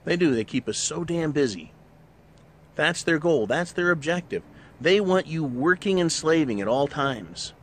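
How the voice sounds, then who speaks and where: A man's voice: on the high side, lively intonation, unhurried. Blunt, swearing man ranting. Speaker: show host. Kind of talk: opinionated monologue.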